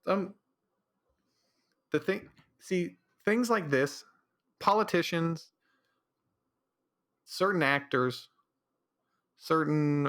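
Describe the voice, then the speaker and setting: This is a casual solo podcast episode in which the male host wanders through his views in an offhand rant, often starting over. He speaks in a mid-range voice that's slightly bright.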